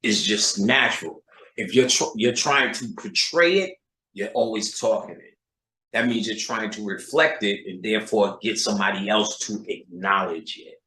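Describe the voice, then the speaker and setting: A man's voice: fairly low pitch, moderate pace, bright, forceful tone. A man giving a profane spiritual lecture, emphatic and swearing, with street-talking rhetorical repeats. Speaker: occult lecturer. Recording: roomy echo.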